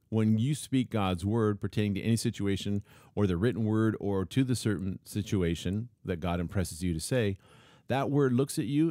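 A man's voice: lowish voice, darkish tone, no room sound, studio quality. A man preaching a sermon, emphatic, repeating key phrases and reading scripture aloud. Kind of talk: sermon teaching.

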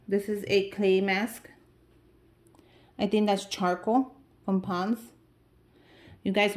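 A woman vlogger opening gift mail, chatting casually to viewers and gushing with excitement over each item. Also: medium pitch. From United States. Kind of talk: casual unboxing chat to viewers.

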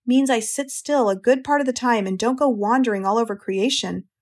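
A woman voicing a wise, calm female spider who talks in a measured, reassuring way. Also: on the high side. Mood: musing.

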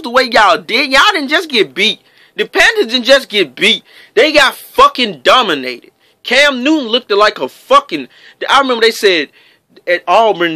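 A man's voice: high-pitched, pushed and bright, dry recording. A man delivering a heated, profane sports rant in his own vlog. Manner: heated, profane, emphatic ranting. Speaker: sports vlogger. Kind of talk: profane ranting commentary.

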